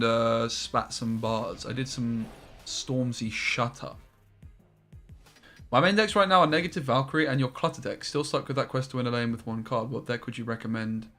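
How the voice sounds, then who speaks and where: A man's voice: medium pitch, a bit bright. A man with an Essex accent, chatting casually and swearing now and then while he streams a card game and answers his chat. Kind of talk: live gameplay commentary.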